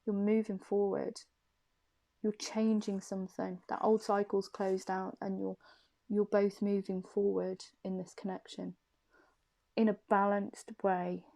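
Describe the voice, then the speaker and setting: Gravelly-voiced woman reading tarot cards. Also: mid-range voice, flat delivery, a little slow, mellow. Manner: soothing and reassuring, often repeats her phrases and questions. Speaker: intuitive tarot card reader. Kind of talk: casual spoken card reading to camera.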